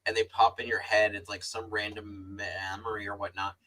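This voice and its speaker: Low-voiced male panelist, lively storyteller, loose and profane. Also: normal speed, rough recording. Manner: animated storyteller, swears casually. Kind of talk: casual chat.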